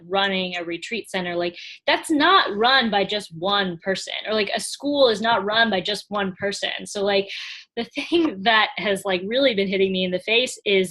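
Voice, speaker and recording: A woman's voice: mid-range voice, moderate pace, fairly bright tone. Chatty woman guest full of "like"s. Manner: lots of "like" fillers, laughs, acts out her own thoughts. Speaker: podcast guest, small business owner and coach. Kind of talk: casual conversational interview.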